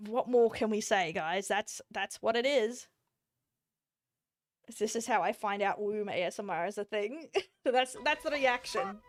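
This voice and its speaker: A woman's voice: medium pitch, unhurried, no room sound. A young Australian woman streaming, chatting casually while reacting to videos, blunt and profane, breaking into laughter often. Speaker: VTuber streamer.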